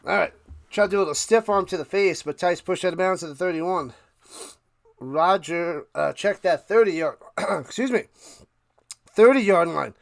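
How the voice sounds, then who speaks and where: A man streaming live play-by-play of a football game, chatting casually with viewers and getting loud on big plays, with a tickle in his throat. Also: high voice, gravelly, no room sound, studio quality. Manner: thanks chat viewers by name between game calls; rises loud and fast calling big plays. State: clearing his throat and coughing.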